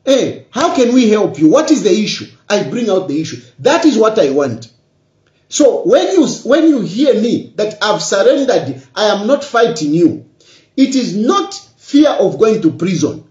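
A man's voice: high voice, darkish tone. A Zambian man talking to his audience in an emphatic, repetitive way that builds to insistence. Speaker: politician. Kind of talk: political address to social media. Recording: echoey, dull lo-fi room sound.

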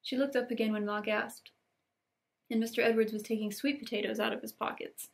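Woman, young adult, book host reading aloud; slightly high, gravelly, gentle and unhurried. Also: flat delivery. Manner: gentle, unhurried reading, lingering on cozy details. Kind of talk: storybook read-aloud with casual asides.

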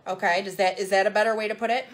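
A woman's voice: mid-range voice, little pitch movement, very fast. A woman hosting a casual live jewelry sales show, bubbly and playful, gushing over each piece.

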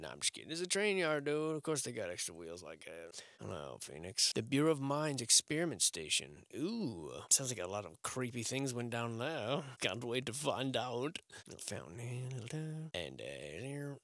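A man's voice: fairly low pitch, moderate pace, dry recording. A man giving casual, sarcastic commentary on old photos, cursing freely. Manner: animated, sarcastic, swearing. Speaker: video host.

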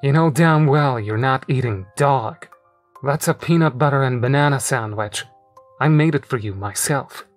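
A man voicing an exasperated older male manager who grows agitated and loud. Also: unhurried, soft background music, natural voice. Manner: raised, agitated, pitched up.

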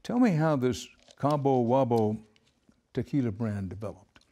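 A man interviewing a guest, asking measured, admiring questions. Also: medium pitch, animated, dark tone.

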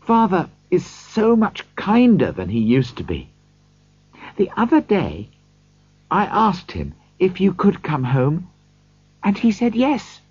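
Man putting on a loving young sister, high eager voice, husky tone, dull recording. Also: wildly swooping pitch, slow, a little mellow, no room sound, heavily acted. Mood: joyful.

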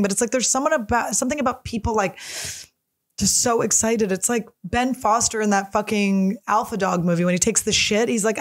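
A woman's voice: a little high, fairly even intonation, brisk. A woman comedian hosting a podcast, rambling in stream-of-consciousness style and swearing freely. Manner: rambling stream-of-consciousness, profane, jumps topics. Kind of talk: casual solo podcast chat.

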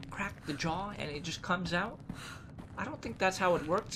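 A man commentating a horror game as he plays, jumpy and swearing, shouting when scared. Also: a little high, expressive, moderate pace, a little hiss or hum. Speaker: gaming video creator.

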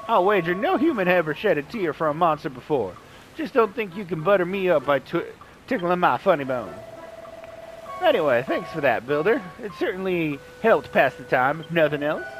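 A man's voice: a little high, low-quality recording. A man voicing a cocky, mocking male skeleton sailor in a put-on Southern accent over game music. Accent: put-on American Southern. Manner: taunting, brash, cackling laugh.

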